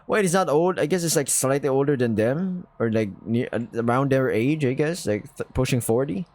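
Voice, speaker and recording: A man's voice: medium pitch, normal speed, a little mellow. A man casually reading a visual novel aloud, breaking off with chatty, self-mocking asides. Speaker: gaming YouTuber.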